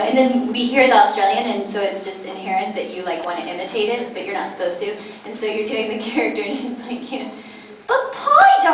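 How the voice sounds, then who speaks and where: A woman's voice: mid-range voice, darkish tone. A woman voice actress telling chatty, giggly stories on a convention panel. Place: large convention hall. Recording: echoey hall from far off with noise.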